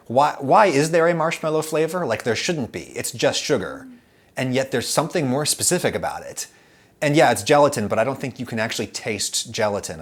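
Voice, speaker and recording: A man hosting a casual food chat, rambling and animated with lots of fillers and restarts. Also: lowish voice. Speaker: food YouTube host.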